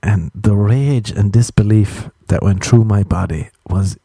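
A man's voice: fairly low pitch, unhurried, warm tone, husky, no room sound, studio quality. Sarcastic man ranting with swearing. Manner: sarcastic, swearing, mocks people in put-on voices. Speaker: comedian. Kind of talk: casual comedic rant. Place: home during quarantine.

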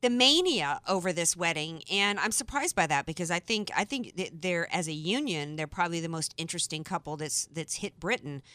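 A woman's voice: lowish voice, animated, a little fast, few pauses, pushed and bright, no echo. A woman from the American South hosting a radio talk show, chatty and playful, giggling as she talks. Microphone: studio microphone.

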